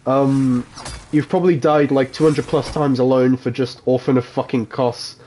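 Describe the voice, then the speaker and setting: A man's voice: mid-range voice, fairly even intonation, moderate pace, warm tone, slight background noise. A man chatting casually while live-streaming a game, laughing often and swearing offhandedly. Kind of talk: casual live gameplay commentary.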